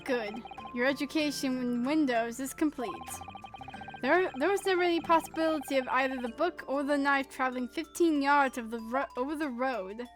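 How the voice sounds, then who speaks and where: A woman voicing a cold, haughty male prosecutor who speaks slowly and disdainfully. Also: over music, close to an everyday voice. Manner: slow, disdainful and lowered.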